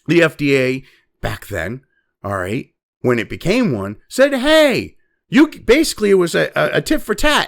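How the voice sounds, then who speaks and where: A man's voice: fairly high pitch, wildly swooping pitch, measured pace, creaky, fairly bright tone. A man hosting a commentary show, ranting angrily with constant swearing and mocking asides. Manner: angry, heavy swearing, mocking quoted voices. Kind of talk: profane opinion rant.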